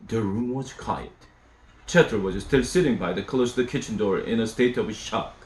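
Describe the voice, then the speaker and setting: A man from Korea, an English teacher reading a novel aloud in a steady storybook style for shadowing practice. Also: fairly low pitch, normal speed. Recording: echoey room, faint hiss.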